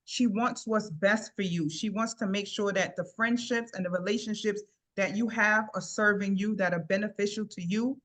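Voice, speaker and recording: A middle-aged woman tells a personal story in an earnest, conversational way, looping back with "I said" again and again. Her voice sits at an ordinary pitch for a woman. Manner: repeats "I said" often, warm earnest retelling. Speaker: guest sharing a personal story. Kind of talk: casual storytelling.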